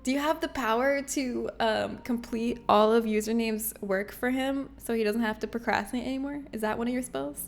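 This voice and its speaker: Woman streamer, slightly high voice, playful and giggly, casual chat. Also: normal speed, hardly any pauses. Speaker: game streamer. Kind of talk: casual livestream chat with viewers.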